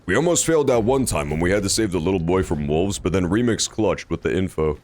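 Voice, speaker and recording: A man casually commenting on his gameplay, with joking, sarcastic and animated reactions. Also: deep voice, fast talker, a little hiss or hum. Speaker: streamer.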